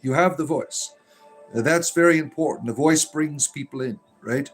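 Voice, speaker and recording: A man's voice: fairly high pitch, normal speed, faint music behind. A man casually livestreaming, reading viewer comments aloud and rambling, with many fillers, restarts and dry, dismissive asides. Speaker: livestreamer and spiritual entertainer.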